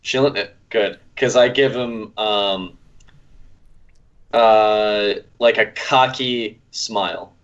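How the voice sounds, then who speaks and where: A man at a tabletop game weighs his moves out loud. He speaks very slowly at a middle pitch, checking the rules as he goes. The audio is a bit dull. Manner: slow, deliberate, asks rules questions. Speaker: player. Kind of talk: casual tabletop play.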